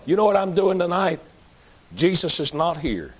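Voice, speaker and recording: A man's voice: high voice, big pitch swings, normal speed. A man preaching an evangelistic sermon, fervent and emphatic, pleading with his listeners.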